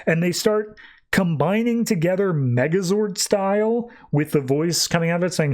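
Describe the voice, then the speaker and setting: A man hosts a comics podcast, walking through the plot in a loose, chatty way. His voice sits a little high, and he keeps jumping into quick voices for the characters as he tells the story. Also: expressive, darkish tone. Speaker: podcast host. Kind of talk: casual comic recap with acted-out voices.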